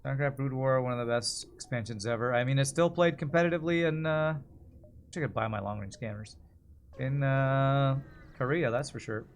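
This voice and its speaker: A man's voice: mid-range voice, moderate pace, slight background noise. A man streaming a strategy game, chatting casually and answering viewers' comments while he plays. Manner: chatty, reads and answers chat while playing.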